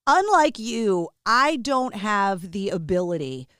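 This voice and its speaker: A woman's voice: medium pitch, big pitch swings, slow pace, fairly bright tone, smooth, no echo, clean studio sound. A woman from the Boston area who hosts on radio, interviewing a guest with blunt, salty banter. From Boston area, Massachusetts. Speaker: radio host. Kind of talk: podcast interview.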